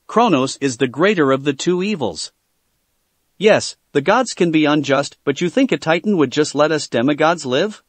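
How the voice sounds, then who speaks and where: A man's voice: a little high, expressive, moderate pace, no room sound. A man voicing an angry young male demigod swordsman who argues urgently, read aloud from a fan story. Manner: urgent, reproachful.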